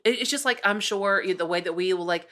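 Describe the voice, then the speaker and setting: Bright-voiced Southern American woman. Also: medium pitch, fast talker. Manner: chatty, rambling with restarts. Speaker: podcast co-host. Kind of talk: casual chat.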